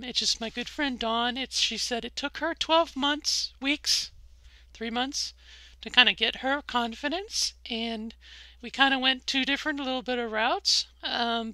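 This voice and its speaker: A woman's voice: on the high side, bright, forceful tone, dry recording, rough recording. A middle-aged woman vlogging candidly about her voice journey, rambling a little with fillers and restarts. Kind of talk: candid personal vlog.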